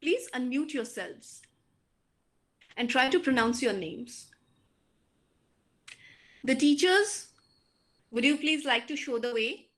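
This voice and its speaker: An Indian English woman teaching an online class. She talks slowly and deliberately, with many fillers, in a fairly high voice. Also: expressive, fairly bright tone. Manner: slow, deliberate explaining with frequent fillers. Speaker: lecturer. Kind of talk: online lecture to students.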